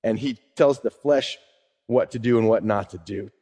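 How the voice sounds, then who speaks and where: A man's voice: fairly low pitch, normal speed, mellow, husky. A man pastor preaching a sermon in a conversational teaching way, quoting scripture and asking rhetorical questions. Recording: long hall reverb.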